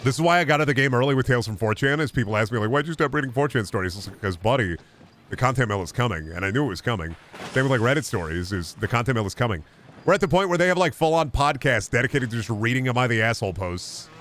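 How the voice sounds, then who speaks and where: A man's voice: mid-range voice, animated, fast talker, a bit bright, a little hiss or hum. Rambling, profane young man streaming games. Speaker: gaming streamer. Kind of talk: casual livestream chat.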